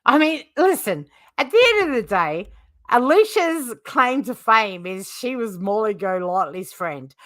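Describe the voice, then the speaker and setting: A woman's voice: a little high, very animated, a little slow, a bit bright, no echo, clean studio sound. A woman hosting a livestream who gossips casually, swears freely and laughs often. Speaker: livestream host.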